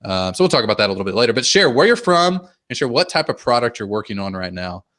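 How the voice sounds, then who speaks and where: A man's voice: medium pitch, fast. Joking man hosting a webinar. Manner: joking, relaxed. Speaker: webinar host. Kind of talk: casual webinar chat. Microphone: video call.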